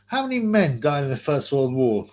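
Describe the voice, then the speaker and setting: A man's voice: fairly high pitch, sing-song, normal speed, a little mellow. Rambling blunt man on a livestream. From England. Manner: rambling, blunt, swears casually, calls viewers "bro" and "man". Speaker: livestream host reading chat. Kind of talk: casual livestream chat.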